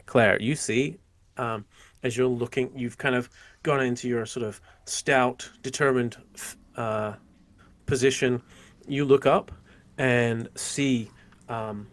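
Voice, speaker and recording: A man narrates a tabletop game as its game master. His voice carries a gravelly edge. He keeps a relaxed flow, stopping often for fillers and restarts. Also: mid-range voice.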